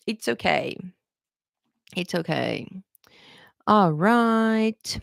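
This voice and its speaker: A woman's voice: mid-range voice, expressive, measured pace, pushed and bright, dry recording, studio quality. A woman from Brazil with a Brazilian accent, an English teacher chatting on a live stream Q&A who keeps checking in with her viewers.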